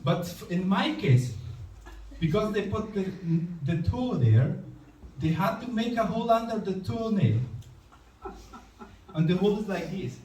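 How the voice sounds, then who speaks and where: A male stand-up comedian telling a story to a live audience in short, matter-of-fact sentences with a deadpan delivery. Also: high-pitched, a little slow. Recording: echoey room, heard from far off, faint noise.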